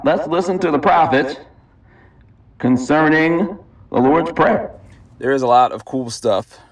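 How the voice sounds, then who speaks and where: A man's voice: medium pitch, dry recording. Jokey man hosting a comedy show. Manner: fast, jokey, teasing, self-promoting. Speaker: host of a comedy web show. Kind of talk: comedic host banter and mock ads.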